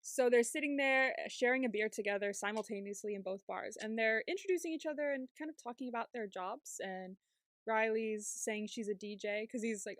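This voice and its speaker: Chatty co-host who retells scenes with voices; woman, slightly high pitch, dry recording. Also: fairly quick, dry recording. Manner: lively retelling, acting out characters' lines; laughs often. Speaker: podcast co-host. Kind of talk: casual TV recap chat.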